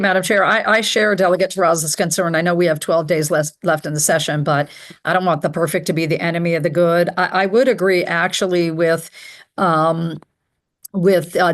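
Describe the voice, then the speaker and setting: Measured woman legislator, low voice. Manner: measured, with frequent fillers. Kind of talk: committee discussion.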